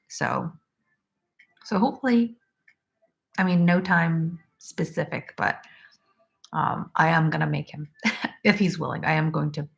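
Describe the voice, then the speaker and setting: A woman's voice: sits low, unhurried, gravelly, long pauses. A woman in her twenties chatting casually on a crochet livestream, reading out viewer comments and talking loosely with lots of "like". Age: 20s. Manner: chatty, uses "like" often, laughs easily.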